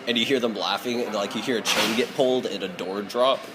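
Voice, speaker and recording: A man's voice: on the low side, fairly quick, very noisy. A man narrating as game master in a loose, casual way, laughing often.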